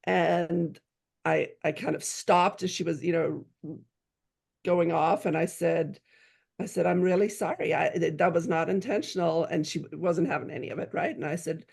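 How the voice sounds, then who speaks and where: A woman's voice: on the low side, normal speed, creaky, darkish tone, husky. A middle-aged woman telling a personal parenting story in a casual, earnest way, with frequent restarts. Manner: earnest, many restarts and "you know"s, acts out quoted voices.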